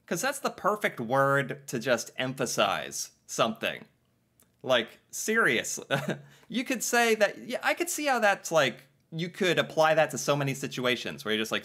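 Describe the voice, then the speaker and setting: A man in easygoing conversation, his pitch swinging widely as he reacts and muses. His voice is bright and forward, and he laughs often and talks through his thoughts. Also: normal speed. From United States. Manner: animated, laughs often, thinks aloud. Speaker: co-host. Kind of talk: casual chat about slang.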